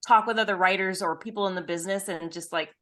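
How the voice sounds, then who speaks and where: A woman's voice: mid-range voice, fast talker, a bit bright. A woman co-hosting a podcast in casual chat, chatty and self-deprecating, laughing often. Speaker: podcast co-host.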